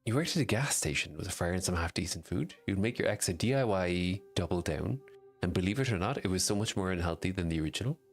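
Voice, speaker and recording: An excitable man chatting casually and swearing while live-streaming a game, reacting loudly and answering chat. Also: deep voice, fast. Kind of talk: casual live gameplay commentary.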